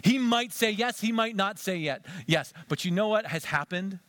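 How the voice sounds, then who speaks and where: A male pastor giving an animated sermon, acting out conversations with a volunteer on stage. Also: high-pitched, moderate pace, no echo.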